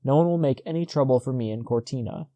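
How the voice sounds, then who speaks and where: A man voicing a talkative, boastful old village fisherman who speaks rapidly and insistently. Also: mid-range voice, mellow, no echo, lightly acted.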